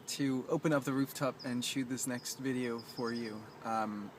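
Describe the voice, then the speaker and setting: A man coaching in a casual vlog from an outdoor rooftop, talking in a hesitant, reflective way full of ums and restarts, gently reassuring. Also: mid-range voice, a little hiss or hum. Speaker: life coach.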